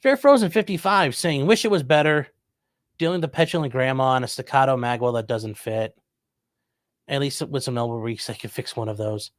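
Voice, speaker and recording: A man's voice: medium pitch, a little fast, no echo. A man from Ohio hosting a livestream, casually reading viewer comments aloud and answering them with dry jokes. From Ohio, USA. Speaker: livestream host reading chat. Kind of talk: casual chat.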